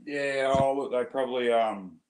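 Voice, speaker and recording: A man's voice: mid-range voice, normal speed, smooth. A man with an Australian accent, a guest on a livestream, talking in a laid-back, rambling way full of "yeah, no". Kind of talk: casual chat.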